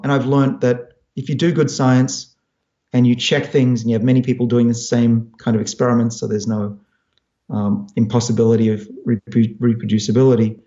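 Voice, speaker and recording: A dark, medium-pitched voice belongs to a scientist guest in his fifties from Australia, whose accent has American-sounding turns. He answers the audience's questions by thoughtfully explaining his work, with frequent restarts. The audio is dull and the room echoey.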